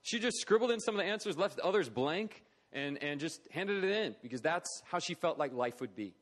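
A man's voice: a little high, animated, fairly quick. A middle-aged man speaking at a charity talk, telling a personal story in an earnest, conversational way. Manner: earnest, conversational, acts out quoted voices.

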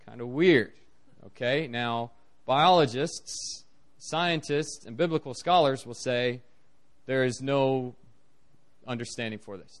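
A man preaching a sermon as a missionary, telling stories in an animated way with big swings in his voice. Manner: animated storytelling, lively pitch swings.

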